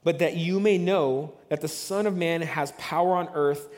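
A man's voice: fairly high pitch, normal speed, a little mellow, long reverb tail. A man preaching a sermon as pastor, telling the story conversationally and acting out the voices of the onlookers.

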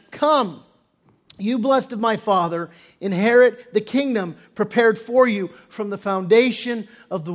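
A male pastor delivering a sermon with emphatic preaching, punching words loudly and then dropping low, and acting out quoted attitudes. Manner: emphatic preaching with sudden loud stresses and drops; acts out quoted attitudes in character.

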